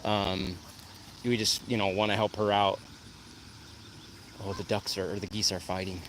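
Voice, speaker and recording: A man with a lowish, slightly bright voice speaks in a level tone at a moderate pace as he hosts a casual livestream outdoors by a pool, in the shade. Between chatting with viewers he coos at his dog in a lighter sing-song voice. Slight background noise carries faint outdoor sounds and geese.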